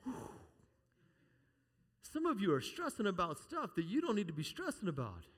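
Middle-aged man, animated pastor, bright high voice, humorous stories, big echoing hall. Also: moderate pace, husky. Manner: animated, playful, calls out to the congregation. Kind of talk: sermon with humorous personal stories. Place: church sanctuary. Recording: long reverb of a large hall.

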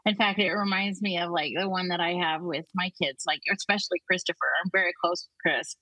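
A woman's voice: lowish voice, fairly even intonation, a little fast, sharp tone, no echo, poor audio. A woman in her fifties, a comedian guest, telling stories in a casual chat, blunt and profane.

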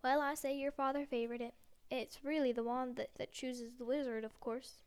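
An eerie elderly wandmaker hovers over his customer in this storybook reading, soft, measured and insistent, voiced by a woman. The voice sits high and stays smooth and clear. Now and then he trips over a word and corrects himself. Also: little pitch movement, lightly acted. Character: eerie elderly male wandmaker, intense and fussy.

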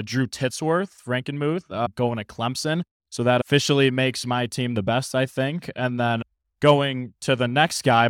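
A man taking part in a player draft, explaining his picks in a relaxed, easygoing way. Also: mid-range voice, clear, resonant tone, no room sound, clean studio sound. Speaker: draft participant. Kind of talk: casual talk.

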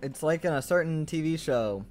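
A man in a casual podcast chat, delivering dry, deadpan jokes. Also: fairly high pitch, normal speed, slight background noise.

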